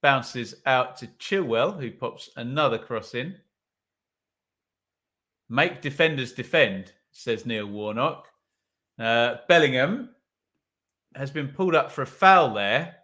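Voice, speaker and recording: A man's voice: medium pitch, lively intonation, takes it slowly, pauses often, sharp tone. A man hosting a live football watch-along, commenting on play and reading viewer comments with wry asides.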